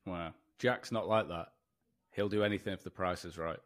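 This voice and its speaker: Lower-voiced male podcast host. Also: moderate pace, a crowd in the background. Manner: joking, teasing banter. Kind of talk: casual interview chat.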